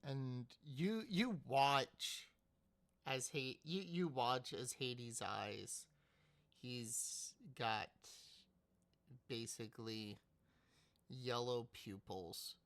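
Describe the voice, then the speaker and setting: A man narrating as game master of a tabletop game, slow and halting, often restarting his words. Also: mid-range voice, fairly bright tone.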